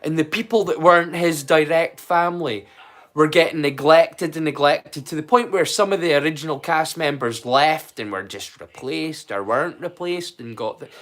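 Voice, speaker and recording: A man's voice: a little high, normal speed, a bit bright. A man with a Scottish accent, mixed and borrowed from many places, hosting a casual live-stream watch-along, rambling and chatting straight back to his viewers. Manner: rambling and chatty, answers his chat directly.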